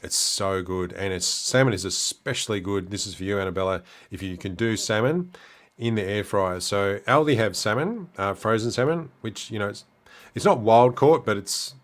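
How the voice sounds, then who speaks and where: A middle-aged Australian man hosting a livestream, casually chatting and answering viewer comments with relaxed fillers and restarts. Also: lowish voice, moderate pace. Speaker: livestream host.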